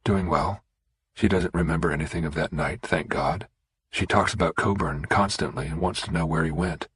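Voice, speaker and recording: Fierce blunt young mom, husky low read, by a man narrator. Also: moderate pace, fairly bright tone, no room sound, exaggerated voice. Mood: earnest. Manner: blunt, insistent. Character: determined young mother, woman, fierce.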